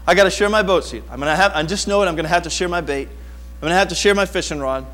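A middle-aged man preaching a sermon, telling an animated story from his childhood and acting out his younger self before turning to scripture. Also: high voice, very fast. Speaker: pastor.

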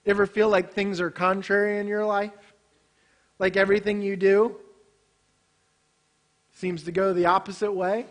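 High-voiced, animated male preacher. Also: a little slow, long pauses. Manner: animated, swings between loud emphasis and hushed low delivery. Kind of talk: sermon.

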